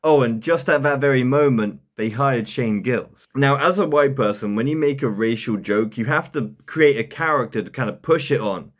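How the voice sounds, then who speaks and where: A man's voice: mid-range voice, normal speed, hardly any pauses. A young man giving casual comedic commentary, rambling and chuckling at his own jokes. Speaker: commentary YouTuber.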